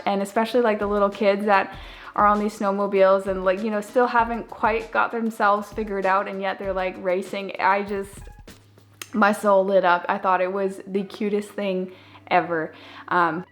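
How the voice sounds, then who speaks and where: A young woman telling her travel story in an easygoing vlog voice. She talks in a chatty, upbeat way and fills her sentences with "like". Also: medium pitch. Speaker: travel vlogger. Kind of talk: casual vlog narration.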